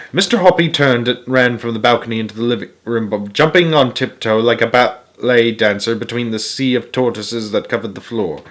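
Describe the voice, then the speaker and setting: A man reading a children's book aloud as a storyteller, lively and expressive. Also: mid-range voice, moderate pace, few pauses.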